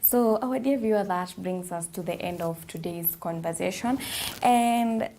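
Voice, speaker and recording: A woman's voice: fairly low pitch, measured pace, warm tone, slight background noise. A woman hosting a talk show, interviewing a guest and closing the show, with frequent short affirmations. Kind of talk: interviewing and presenting.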